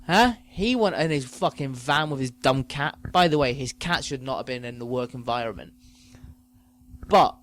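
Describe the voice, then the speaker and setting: A man's voice: medium pitch, animated, moderate pace, a bit bright. A man hosting a comedy podcast, ranting profanely about trivial things. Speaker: podcast host. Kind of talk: comedic rant.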